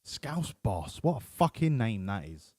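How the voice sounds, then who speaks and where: Guy streaming a game from home, lively voice, swears a lot, dry sound. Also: on the low side, unhurried, no room sound. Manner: chatty, sweary, banters with chat. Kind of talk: casual game livestream commentary. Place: home room.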